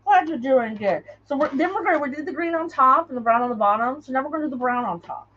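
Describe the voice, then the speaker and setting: Chatty high-voiced woman crafting live. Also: expressive, quick pace, a bit bright, dull audio. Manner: rambling, chatty, greets viewers by name. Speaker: craft livestream host. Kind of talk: casual live chat while crafting.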